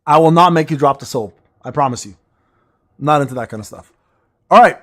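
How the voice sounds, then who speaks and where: A man's voice: fairly high pitch, a little fast, fairly bright tone. A man streaming a game and chatting casually with his viewers, joking crudely and rambling between plays. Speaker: gaming streamer reading chat. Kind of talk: casual livestream chatter while playing.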